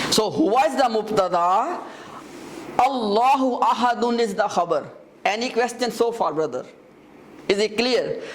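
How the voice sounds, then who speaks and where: A grammar teacher in a live class explains things step by step in a mid-range voice, repeating key terms and frequently pausing to ask the students whether they follow.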